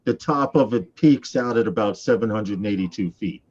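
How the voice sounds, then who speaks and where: A man hosting a casual group chat show, talking fast and teasing his guests. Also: lowish voice, highs cut off. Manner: animated, teasing, fast talker. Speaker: host.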